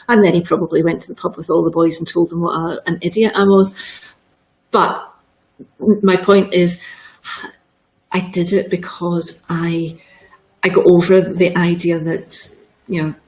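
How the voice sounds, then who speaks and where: A woman's voice: lowish voice, a little mellow, rough recording. A middle-aged woman telling personal stories in an open, emotional way, often repeating words. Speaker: guest. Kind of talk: candid personal storytelling.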